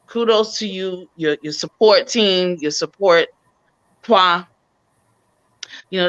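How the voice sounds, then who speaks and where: A woman's voice: mid-range voice, fairly bright tone, lo-fi sound. A woman with a New York accent hosting a casual live-stream chat, repeating words for emphasis. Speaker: host.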